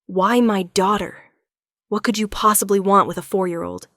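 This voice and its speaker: A woman's voice: mid-range voice, steady tone, moderate pace, a bit bright, dry recording, studio quality, close to an everyday voice. A woman narrator voicing a desperate young mother. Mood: small, frightened. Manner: pleading, cracking with fear. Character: desperate young single mother, furious and frightened.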